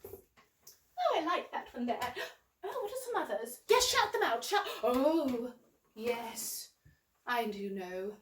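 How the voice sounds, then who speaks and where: Lady doing a chirpy english nanny, high sing-song voice, echoey room a bit far off the mic. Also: very animated, takes it slowly, long pauses, slight background noise. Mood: cheerful. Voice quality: bright, gasping, exclamatory, full of "oh"s. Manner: coaxing, speaks to young viewers at home. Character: cheerful prim English nanny, woman, young adult. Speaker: storytime host for children. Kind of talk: children's storytime in character. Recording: roomy echo, voice from a distance.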